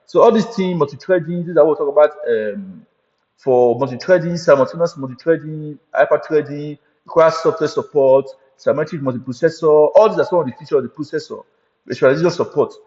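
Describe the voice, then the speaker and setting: This man, an IT certification instructor, speaks on the high side and fairly quickly, with a darkish tone. His recorded training lecture repeats key points, frequently asking "right?" or "you understand?" The sound is muffled and carries a long hall reverb.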